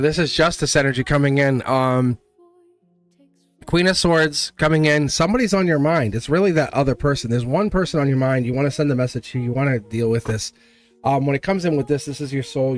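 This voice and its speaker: A man giving a live tarot reading, blunt and chatty, laughing often and acting out little voices. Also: mid-range voice. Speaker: tarot reader.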